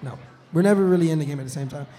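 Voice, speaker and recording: Mellow-voiced young man, laughing chatter. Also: fairly high pitch, very fast. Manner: loose and laughing, repeats "you know what I'm saying". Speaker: football player guest. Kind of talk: casual live-show chat. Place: restaurant during a live show.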